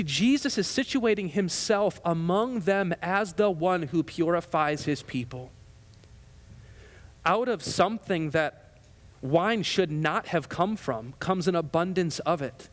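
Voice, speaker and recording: A male pastor giving a sermon in a conversational way, with asides and self-corrections. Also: sits high. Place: church sanctuary. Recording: long church reverb.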